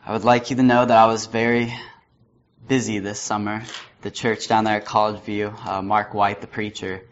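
A man's voice: on the low side, flat delivery, moderate pace. A young man giving a sermon, telling a personal story with chuckles before turning to the lesson. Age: young adult. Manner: storytelling, chuckling at his own anecdotes. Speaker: student preacher. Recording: slightly muffled with faint noise.

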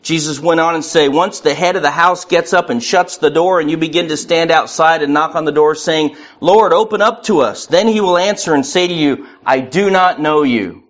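A man's voice: a little high, normal speed, hardly any pauses. A man preaching a sermon earnestly, acting out the voices in his quotes. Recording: muffled lo-fi recording.

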